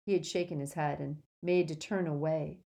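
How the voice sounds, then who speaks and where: Female audiobook narrator, steady and mellow, a little low. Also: normal speed, vocal fry. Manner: steady storytelling delivery.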